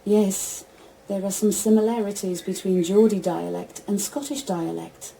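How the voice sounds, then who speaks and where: A synthetic female voice of an AI assistant giving even, stilted spoken replies. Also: mid-range voice, normal speed, gravelly, slight background noise, rough recording. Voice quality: even, stilted text-to-speech delivery.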